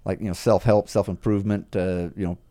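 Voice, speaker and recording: A middle-aged man casually telling a personal story on a podcast, animated and acting out his own past thoughts. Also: low voice, fairly quick. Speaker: podcast guest, horse trainer.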